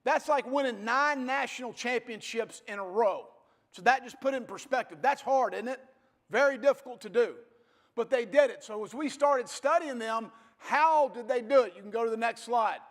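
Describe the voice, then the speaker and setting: This motivational speech comes from a fifties-aged football coach whose voice is rather high and whose pace is moderate. Blunt and folksy, he tells stories to an audience while his words ring through a reverberant hall.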